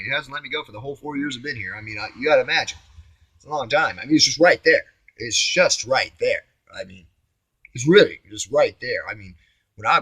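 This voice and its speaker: A man rambling through a spiritual self-reflection, musing aloud, with his voice shifting between loud and hushed. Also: mid-range voice, no room sound. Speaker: vlogger. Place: home on Maui.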